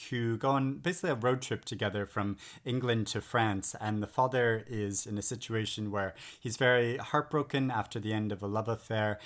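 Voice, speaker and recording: A middle-aged man talking through new books in a casual vlog, enthusiastic and rambling with frequent hesitations. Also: mid-range voice. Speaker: book vlogger. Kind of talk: casual book-haul chat. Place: home in England.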